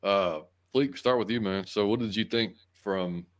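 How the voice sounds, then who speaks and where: A middle-aged man hosting a podcast with a somewhat low voice. His talk is loose and rambling, full of fillers, and he keeps adding "man" to the end of his lines. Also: unhurried. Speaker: podcast host. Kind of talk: casual chat.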